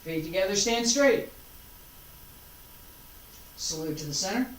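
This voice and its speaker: A woman teaching a martial arts class, counting students through moves and calmly correcting their form. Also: medium pitch. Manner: calm, deliberate, corrective coaching. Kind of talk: class instruction with counted cues. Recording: echoey room, distant mic, faint background noise.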